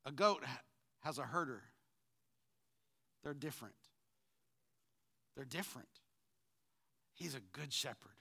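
A man preaching a sermon in call-and-response style, swinging from loud fervent bursts to quiet asides. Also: medium pitch, expressive, a little slow, gravelly, pauses often, husky.

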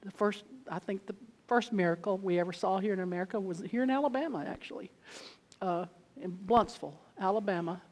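A woman preaching and telling testimony stories, animated, moving between loud exclamations and hushed asides. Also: mid-range voice, fairly quick. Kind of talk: sermon storytelling. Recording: long hall reverb.

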